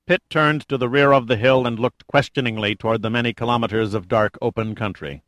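A man narrating a thriller audiobook in a steady, measured storytelling manner. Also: lowish voice, dry recording. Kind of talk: scripted narration.

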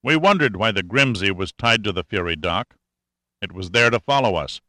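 A man's voice: on the low side, animated, normal speed, sharp tone, no room sound. A man voicing a cool, sarcastic male adventurer in an audiobook, speaking in a dry, matter-of-fact way. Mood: explaining.

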